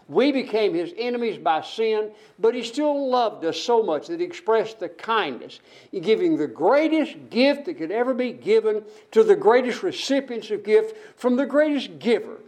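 A man with a notably high voice delivers a sermon. He builds each point through emphatic repetition and keeps putting rhetorical questions to his listeners. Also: a little mellow. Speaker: preacher.

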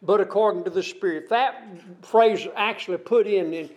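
A man's voice: high voice, moderate pace, a little mellow. A man preaching an expository sermon, reading scripture aloud and explaining it verse by verse, asking his listeners questions. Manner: asks the congregation questions.

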